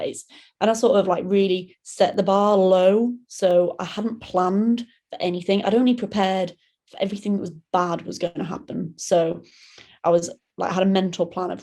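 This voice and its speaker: Laid-back young woman with a mellow voice. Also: brisk, vocal fry. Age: young adult. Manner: laid-back, chatty, acts out quoted voices with big pitch jumps. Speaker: guest, solo ocean rower. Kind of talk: casual interview talk.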